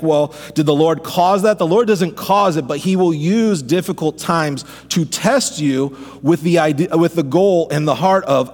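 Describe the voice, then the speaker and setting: A man preaching a sermon to a congregation, fervent and building in intensity, asking them to respond. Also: a little high. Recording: long hall reverb.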